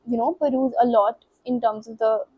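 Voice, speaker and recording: Young woman, Indian English accent, rambling, husky, dry close sound. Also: a little high, steady tone, moderate pace, dry recording, phone-quality sound. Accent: Indian English, Delhi. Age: late teens. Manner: rambling, self-interrupting, stumbles over words; switches between English and Hindi mid-sentence. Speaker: book vlogger. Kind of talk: casual unscripted chat.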